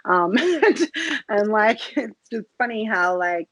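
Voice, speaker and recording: A woman's voice: medium pitch, lively intonation, slow pace, a bit bright, no echo, low-quality recording. A woman being interviewed as a podcast guest, chatting casually, giggling often and hesitating with many fillers. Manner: giggly, laughs often mid-sentence. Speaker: podcast guest, cam model.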